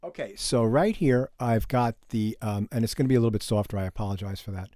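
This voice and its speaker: A man's voice: fairly low pitch, fast talker, warm tone. A man teaching an online music production class, explaining microphones in a casual way while he demonstrates the gear. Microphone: studio condenser microphone, moved around.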